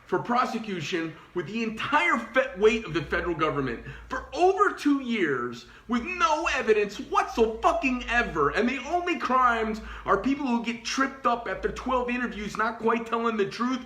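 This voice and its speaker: A man's voice: very high voice, very animated, moderate pace, few pauses, sharp tone. A man who owns a knife company, telling a heated, profane story in a blunt ranting monologue. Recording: roomy echo.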